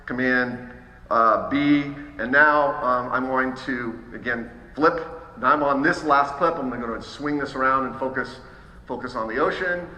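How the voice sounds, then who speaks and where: Man demoing software in an echoey hall. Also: mid-range voice, normal speed. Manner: casual, upbeat, many fillers and restarts. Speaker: software trainer presenting at a trade show. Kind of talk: live demo talk. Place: large hall. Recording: roomy hall echo, faint ambience.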